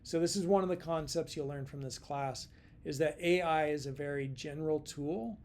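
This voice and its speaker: A man's voice: on the high side, normal speed, a little mellow, a little hiss or hum. A middle-aged man giving a casual college lecture, chatty and repetitive, with many fillers and restarts. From California. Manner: chatty, repeats himself, plenty of fillers and restarts. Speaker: college instructor.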